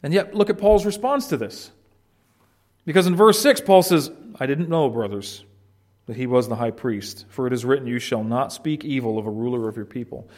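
A man's voice: medium pitch, moderate pace, darkish tone. A man preaching an expository sermon, earnest and emphatic, often restarting phrases. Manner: earnest, emphatic teaching with restarts and rising stress. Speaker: pastor.

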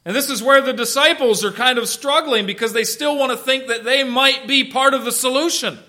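A man delivers a sermon in a high, bright voice. He preaches in an animated, conversational way, often asking his listeners questions and answering them himself. He swings from loud, punchy emphasis down to soft, hushed asides. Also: fairly quick. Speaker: pastor.

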